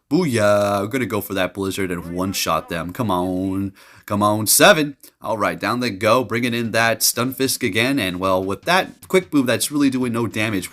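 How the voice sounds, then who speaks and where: A man giving casual, jokey commentary over his gameplay, getting loud and excited and laughing at his own jokes. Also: on the low side. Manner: animated, jokey, excitable, trash-talking. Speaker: gaming commentator.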